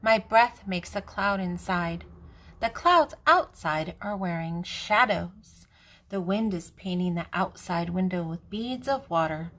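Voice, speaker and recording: An older woman, a grandmother, reading a children's picture book aloud in a gentle, even way. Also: lowish voice, slow. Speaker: storybook reader.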